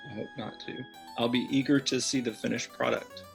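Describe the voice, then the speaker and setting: A man who directs a church's music, chatting warmly as an interview guest and gently poking fun at himself. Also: mid-range voice, steady tone, fairly quick, gravelly. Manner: warm, chatty, self-deprecating. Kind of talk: casual interview chat.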